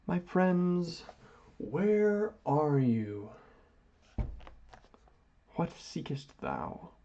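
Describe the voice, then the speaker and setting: Man, slow and gravelly, rambles in a mock-grand philosophical tone; dull lo-fi audio. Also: fairly high pitch, very animated, warm tone. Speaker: vlogger. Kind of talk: slow musing monologue while doodling.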